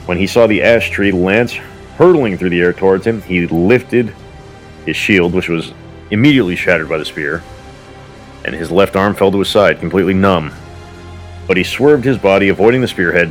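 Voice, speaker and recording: A man with a very deep voice retells an old myth in a loose, conversational way. He drops in offhand asides as he goes. Soft music plays faintly underneath. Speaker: storyteller.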